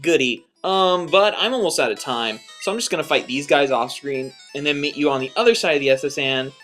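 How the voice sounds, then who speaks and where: A man's voice: fairly high pitch, brisk, a bit bright, faint music behind. A young man hosting a let's play, rambling casually and exasperated, with lots of restarts. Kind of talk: casual gameplay commentary.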